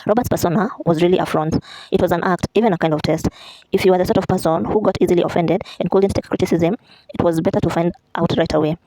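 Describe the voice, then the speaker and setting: A woman's voice: on the low side, steady tone, fast talker, dark tone, no echo, rough recording. A woman reading a memoir aloud in a casual way, correcting herself now and then and adding chatty asides.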